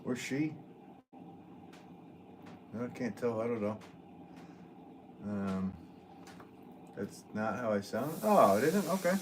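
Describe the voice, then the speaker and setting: A man's voice: mid-range voice, lively intonation, slow pace, long pauses, noisy background. A man, a potter, chatting casually and playfully with his livestream chat while he works. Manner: playful, joking, answers chat. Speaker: potter streaming live.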